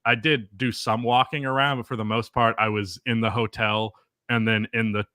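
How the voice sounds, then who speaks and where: Profane, opinionated male podcast co-host; bright, tense tone, dry sound. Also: medium pitch, flat delivery, moderate pace, dry recording. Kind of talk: casual sports podcast chat.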